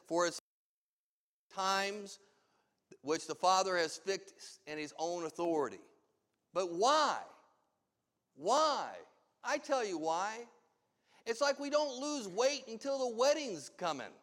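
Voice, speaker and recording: A man preaching a sermon as pastor, emphatic and full of rhetorical questions. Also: very high-pitched. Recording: long hall reverb.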